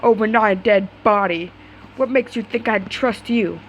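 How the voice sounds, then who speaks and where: A bitter, chained dragon prisoner who hates royals, as a woman reads his lines aloud. She gives him no accent and no gruffness, just a plain read-aloud story voice. The pitch stays in the middle. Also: normal speed, slight background noise, natural voice, low-quality recording. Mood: hostile.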